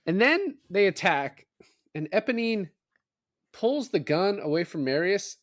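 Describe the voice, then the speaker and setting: A male podcast co-host animatedly retells a film's plot in casual chat, quoting the characters in offhand voices. His high voice is sing-song and a little slow, recorded with studio quality and no room sound.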